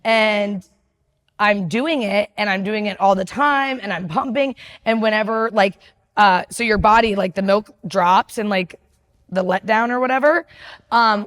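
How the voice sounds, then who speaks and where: A woman's voice: mid-range voice, fairly bright tone. Blunt, profane woman telling her story. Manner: blunt, profane, laughing often, acts out quotes. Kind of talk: candid personal storytelling.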